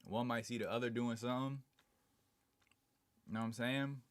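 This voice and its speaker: A man's voice: mid-range voice, steady tone, normal speed, dry recording. A man live streaming in a casual, slangy way, reading viewer comments aloud and chatting back. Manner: slangy, laid-back, reads chat aloud and answers it.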